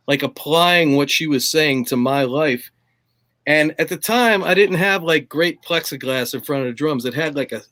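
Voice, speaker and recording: A man's voice: fairly high pitch, fairly bright tone. A middle-aged man spins loose, rambling tour stories with a slightly raised voice. His talk is salted with curses and endless "like" and "you know". He sounds easygoing and unscripted. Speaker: drummer guest. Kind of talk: casual storytelling chat.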